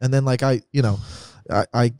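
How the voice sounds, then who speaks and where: A male comedian guest on a podcast with a mid-pitched voice. He chats loosely, stumbling over restarts and laughing as he goes. The recording is dry and close. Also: fairly even intonation, a little fast, a little mellow, clean tone, no echo. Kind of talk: casual chat.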